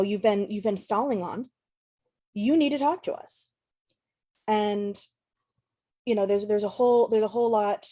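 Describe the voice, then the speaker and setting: A woman's voice: mid-range voice, mellow. A woman speaking as a climate education advocate on an online panel, rambling and emotional, laughing often. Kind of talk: panel discussion on a video call.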